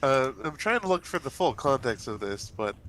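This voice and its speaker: Casting: stuffed-up guy, bright tone, rambly casual gaming chat. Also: mid-range voice, big pitch swings, moderate pace, poor audio. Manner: rambling, many fillers and restarts. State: stuffy, congested nose. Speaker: let's play host.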